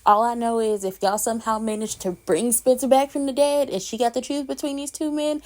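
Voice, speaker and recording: A woman's voice: a little high, steady tone, brisk, darkish tone. A woman hosting a casual soap opera recap, talking in a sassy, emphatic, slangy way and giving strong opinions.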